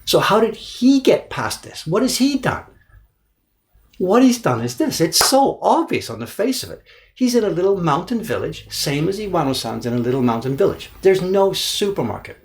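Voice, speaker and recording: A middle-aged man casually telling an animated story on a livestream, repeating words for emphasis and acting out the people he quotes. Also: high voice, normal speed. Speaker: printmaker and livestream host. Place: indoor workshop.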